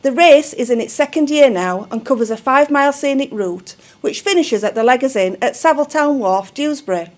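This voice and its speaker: A woman newsreader for a community TV channel, reading in a careful, even way. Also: sits high, brisk, hardly any pauses. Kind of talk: news reading.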